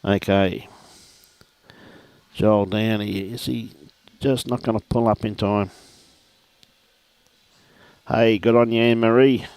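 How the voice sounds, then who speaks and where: A man's voice: fairly low pitch, fairly even intonation, takes it slowly, long pauses, darkish tone, clear, resonant tone. A middle-aged man with an Australian accent, commentating a lawn bowls livestream in a chatty, matey way and greeting viewers by name. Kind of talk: relaxed live commentary with viewer shout-outs.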